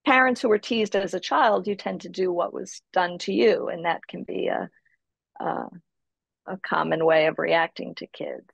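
A woman psychotherapist, a guest on a podcast, calmly explaining parenting in a reflective way. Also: fairly low pitch, moderate pace, gravelly, breathy edge, no echo. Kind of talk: casual podcast interview.

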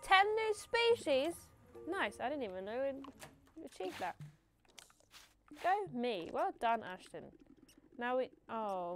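Brief: young woman, female streamer, higher voice, rambling playful game chat, light music under. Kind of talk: live game commentary, chatting with viewers.

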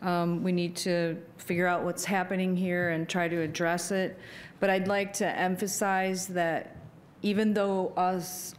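A woman serving as alderman, explaining her position to the council in a clear, measured way. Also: lowish voice, slight background noise. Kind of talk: council meeting remarks. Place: council chamber.

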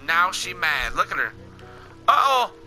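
A young man giving casual, excitable gameplay commentary, talking at the game characters in slangy speech. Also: sits high, measured pace, soft background music, poor audio. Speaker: gaming channel host.

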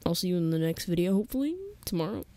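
A gaming YouTuber with a fairly low, warm voice chats casually to her viewers on camera, talking rapid-fire and expressively. She's hesitant and rambling, full of fillers, and the sound has no echo.

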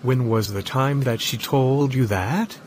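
A man's voice: mid-range voice, a little slow, a little mellow, a little hiss or hum, lightly acted. A man playing a jokey young man. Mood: cheerful. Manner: cheerful, joking. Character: jokey young man, likes his own humor. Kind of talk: amateur web series acting.

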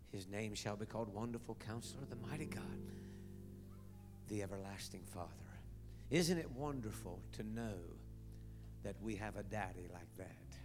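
A middle-aged male pastor preaching a sermon, telling a story softly and dropping into hushed whispers. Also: lowish voice, long reverb tail. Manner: soft, intimate storytelling that drops to hushed whispers. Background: music.

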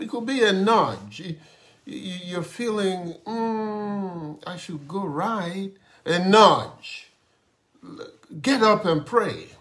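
A male pastor preaching a sermon and telling a personal testimony in a slow, dramatic storytelling manner. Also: fairly high pitch, fairly bright tone. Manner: slow, dramatic storytelling with grumbling asides and laughs.

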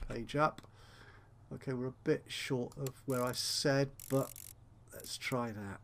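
A man's voice: medium pitch, fairly even intonation, slow, a bit bright, a little hiss or hum. A man casually commenting on a management game he is playing, rambling and correcting himself with wry asides. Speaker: let's play host.

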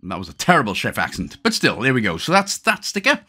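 A man's voice: medium pitch, huge pitch swings, fast talker, pushed and bright, breathy edge. A man with a Welsh accent giving a chatty gameplay walkthrough commentary, full of joking asides and casual slang. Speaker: gaming guide host.

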